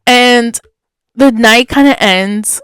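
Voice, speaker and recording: A woman's voice: fairly high pitch, takes it slowly, clean tone, dry recording. Chatty young woman telling a story. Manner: animated, chatty, laughs often, many "like" fillers. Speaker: podcast host. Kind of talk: casual storytelling.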